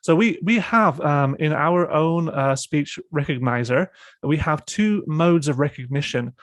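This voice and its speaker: A man presenting and demonstrating software in an online panel discussion, explaining step by step with many fillers and restarts. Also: fairly high pitch, measured pace, dry recording.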